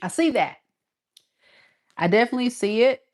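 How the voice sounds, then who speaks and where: A woman's voice: on the high side, lively intonation, moderate pace, a little mellow. A woman giving a casual tarot reading, sassy and emphatic, talking straight to the viewer. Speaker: tarot reader.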